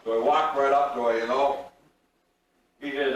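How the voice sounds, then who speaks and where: A man's voice: mid-range voice, fairly even intonation, moderate pace. An older man, telling folksy rural jokes to a reunion crowd in a drawling way and acting out the punchlines. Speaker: storyteller. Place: large room at a reunion. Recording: echoey room, recorded from far off.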